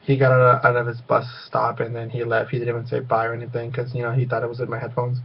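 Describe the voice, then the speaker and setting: A man's voice: medium pitch, completely flat delivery, quick pace, vocal fry, dull audio. A man telling a rambling story in a casual vlog, full of fillers and restarts. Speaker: vlogger.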